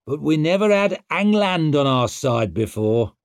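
A man doing Stour, a loud cocky young king. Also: a little high, sing-song, measured pace, clean tone, dry recording, studio quality, pitched above the performer's own voice. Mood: boastful. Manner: boastful, swaggering, loud. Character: brash young male warrior king, cocky.

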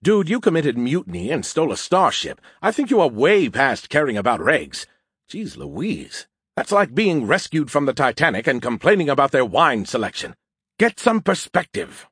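Brief: snarky, smug alien AI in a beer can, loud and higher-pitched, husky edge, as a male narrator puts it on. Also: sing-song, normal speed, no echo, clean studio sound, full character voice. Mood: mocking. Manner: brash, mocking. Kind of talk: audiobook character voice.

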